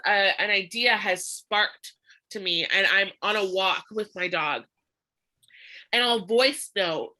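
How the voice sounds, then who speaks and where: A woman's voice: mid-range voice, normal speed, pushed and bright. A woman leading a live online social media training, upbeat and emphatic, laughing often as she talks.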